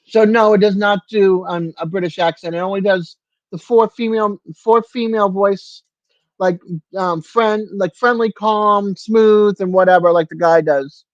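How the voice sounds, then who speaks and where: A man's voice: sits high, fairly even intonation, measured pace, no room sound, highs cut off. An older man hosting a casual livestream from his apartment, answering viewers by name in a chatty way. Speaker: livestream host.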